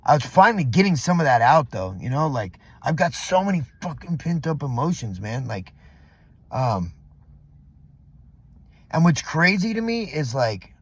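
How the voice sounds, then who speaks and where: Middle-aged man, slightly raised pitch, loose profane vlog rant packed with fillers. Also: big pitch swings, moderate pace, breathy edge. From Southern California. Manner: rambling, profane, heavy use of fillers. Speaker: vlogger. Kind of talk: casual vlog monologue. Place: parking lot.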